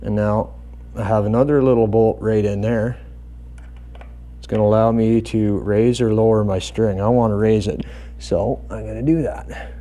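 A man with a low, mellow voice walks through a bass guitar setup. He is calm and methodical and explains each step plainly as he works. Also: normal speed. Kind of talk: hands-on tutorial explanation.

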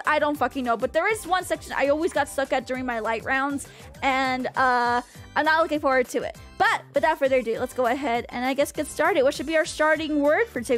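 A young woman VTuber streamer chats casually with her viewers on a livestream, her voice high-pitched and fairly bright. She's bubbly and rambling and swears now and then.

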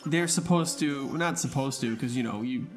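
A man casually telling a funny tabletop game story to friends, animated and laughing, acting out shouted lines. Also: medium pitch, normal speed, faint music behind.

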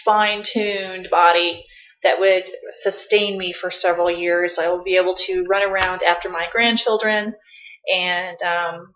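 A woman's voice: medium pitch, measured pace. A woman chatting casually and playfully to her laptop webcam, teasing herself as she goes. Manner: playful, self-mocking, chatty. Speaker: vlogger. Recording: roomy, slightly dull laptop audio.

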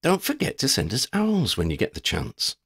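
A man's voice: mid-range voice, wildly swooping pitch, normal speed, fairly bright tone, slightly rough, voice pushed up, heavily acted. A man voicing a cheerful grown woman who talks in a friendly, lightly teasing way.

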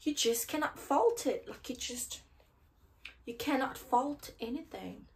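A young South African woman chatting casually through a hair tutorial, playful and given to loud outbursts. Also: high-pitched, animated, a little slow, gravelly, slight background noise. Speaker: hair vlogger.

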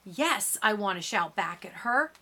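A woman reading a first-person audiobook in steady, lower-key narration. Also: a little slow.

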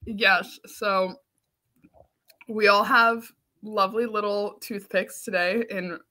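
A woman co-host with a bright, clear voice at a middle pitch. She banters in a dry, playful way. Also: steady tone, slow pace. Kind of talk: casual show banter.

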